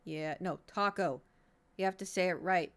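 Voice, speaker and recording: A woman's voice: fairly low pitch, moderate pace, fairly bright tone. A woman streamer chatting casually with her viewers, rambling and poking fun at herself. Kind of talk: casual live-stream chat.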